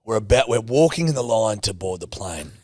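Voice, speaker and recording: A man's voice: fairly low pitch, lively intonation, brisk, a little mellow, no echo, studio quality. A man co-hosting a podcast in casual chat, teasing, swearing freely and laughing often. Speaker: podcast co-host.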